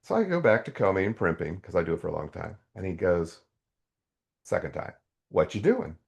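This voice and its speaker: An older man with a low voice tells stories as a guest on a podcast. His pitch rises and falls in broad swings. He keeps acting out the dialogue with real animation. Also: fairly quick, vocal fry. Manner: animated storytelling with quoted dialogue. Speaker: guest, author. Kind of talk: podcast interview.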